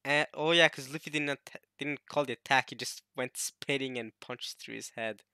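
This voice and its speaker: A man reading through a manga chapter in casual commentary, thinking aloud and getting excited, with frequent restarts. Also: mid-range voice, moderate pace, smooth, no room sound, studio quality.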